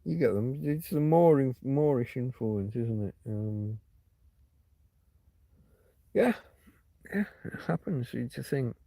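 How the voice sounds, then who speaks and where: A man's voice: mid-range voice, animated, slow pace, gravelly, pauses often, dark tone, no room sound. A man hosting a casual livestream, rambling through stories and answering viewer comments. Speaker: livestream host.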